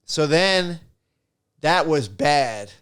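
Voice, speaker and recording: Middle-aged man, comic telling stories, slightly high voice, smooth and clear. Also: very slow. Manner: animated, acts out voices in his stories. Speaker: stand-up comic, guest. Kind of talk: casual storytelling chat.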